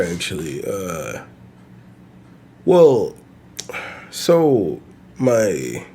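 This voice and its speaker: A man with a fairly low voice hosts his own podcast and talks off the cuff. He rambles and swears freely. A faint hum sits behind him. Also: a little mellow. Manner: loose, profane, rambling with laughs. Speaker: podcast host. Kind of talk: casual solo podcast rant.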